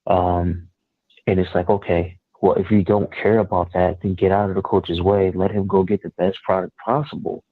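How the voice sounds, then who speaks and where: A man calling in as guest co-host, speaking in a measured, halting way with many fillers over a phone line. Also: sits low, level tone, no echo. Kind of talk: call-in sports talk. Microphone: phone call.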